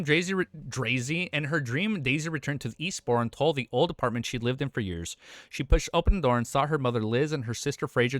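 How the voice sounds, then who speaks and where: A man's voice: medium pitch, fairly bright tone, no room sound. A young man reading a web novel aloud on a live stream, stumbling over words and breaking off to react emotionally with casual swearing and slang.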